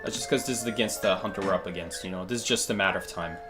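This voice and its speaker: A man's voice: low-pitched, very fast, music in the background. A man thinking aloud through a live gameplay stream, answering chat questions with plenty of fillers and restarts. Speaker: game streamer.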